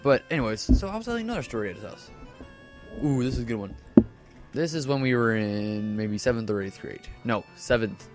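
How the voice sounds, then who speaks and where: A man's voice: mid-range voice, expressive, fairly quick, faint music behind. A teenage boy casually telling a rambling story over gameplay commentary, full of fillers and self-corrections. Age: teens. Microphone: desk microphone.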